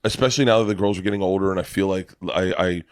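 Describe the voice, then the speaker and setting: A man with a lowish voice tells a long story over casual podcast talk. He swears freely and gets emotional, going quiet and soft at the tender parts. The sound is close and dry, with no room echo. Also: very fast. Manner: profane, emotional storyteller, voice drops low when moved.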